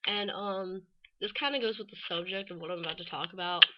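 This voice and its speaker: A woman's voice: mid-range voice, brisk, muffled recording, very noisy. A teenage girl vlogging in a casual, rambling way, full of fillers and offhand swearing. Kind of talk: casual rambling chat to camera.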